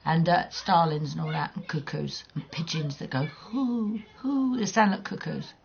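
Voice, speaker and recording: A woman's voice: low-pitched, moderate pace, creaky, lo-fi sound. A woman livestreaming a game, chatting casually with viewers in a blunt, teasing way, swearing freely and laughing often. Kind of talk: casual chat while gaming.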